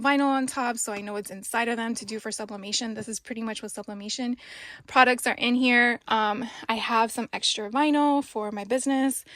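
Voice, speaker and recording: Woman in her forties, bright higher pitch, chatty, self-deprecating, dry close sound; home crafter vlog tour. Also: dry recording. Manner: chatty, laughs often, self-deprecating asides. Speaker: craft business owner giving a room tour.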